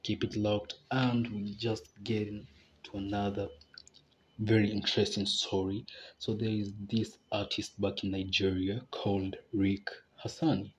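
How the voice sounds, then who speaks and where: A young man hosts a casual podcast, rambling and laughing in a relaxed way. His voice sits a little low. Faint background noise hangs under his talk. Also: measured pace. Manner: laid-back, rambling, laughs between phrases. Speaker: podcast host.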